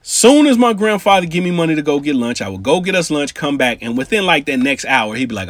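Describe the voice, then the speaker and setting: A man from Cincinnati telling a casual story in street slang, with animated asides to his listeners. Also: on the high side, brisk, few pauses, dry recording.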